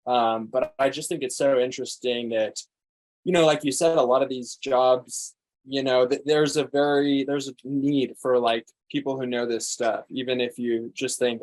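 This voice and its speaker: A man's voice: mid-range voice, steady tone, normal speed. A man speaking as an interview guest, eager and rambling. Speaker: guest, digital marketer.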